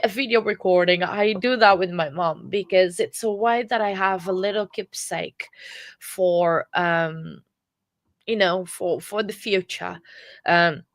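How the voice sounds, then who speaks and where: A sad woman close to tears, hosting a casual true crime live stream in a subdued, monotone way. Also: on the low side, no echo. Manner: subdued, self-described monotone delivery. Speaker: true crime livestream host.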